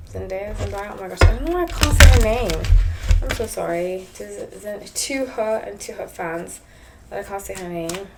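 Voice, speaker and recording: A chatty woman with a South African English accent gives a tarot reading in a loose, rambling way and laughs often. Her pitch sits in an ordinary middle range. Faint noise hums behind her. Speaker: tarot reader. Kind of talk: casual tarot reading monologue.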